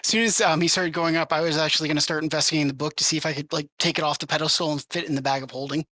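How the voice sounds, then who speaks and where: A player in a tabletop game, quick and eager. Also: mid-range voice, fairly even intonation, bright, forceful tone, no echo. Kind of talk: casual tabletop play.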